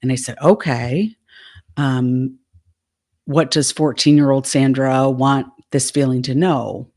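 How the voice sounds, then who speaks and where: A woman's voice: a bass voice, steady tone, slow pace, darkish tone. A woman life coach in a casual monologue, retelling a session and quoting the dialogue back and forth.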